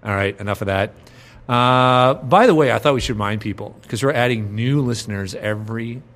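A man's voice: mid-range voice, a little fast, a bit bright. A man hosting a podcast in casual chat, joking and rambling, laughing often. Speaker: podcast host, agency president.

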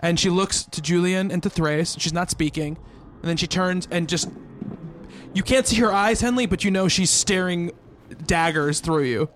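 Man, game master, high-pitched, playful, descriptive narration. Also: moderate pace, fairly bright tone, slight background noise. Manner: descriptive, playful, breaks into laughs.

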